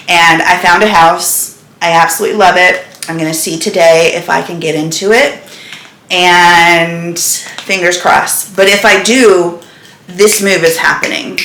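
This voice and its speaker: A woman's voice: on the low side, sharp tone, slight background noise. A woman vlogger talking casually and candidly to the camera, sometimes dropping to a near whisper. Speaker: lifestyle vlogger. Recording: echoey room.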